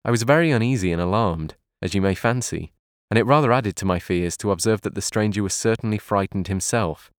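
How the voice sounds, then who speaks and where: Deep-voiced male audiobook narrator. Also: dry recording, studio quality. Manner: calm, measured reading.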